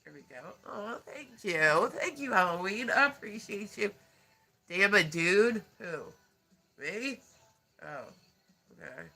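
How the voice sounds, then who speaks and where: Congested, bright-voiced man livestreaming. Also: high voice, expressive, slow. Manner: rambling, chatty, laughs often, swears freely. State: congested, stuffy nose. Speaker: livestream host. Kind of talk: casual livestream chat.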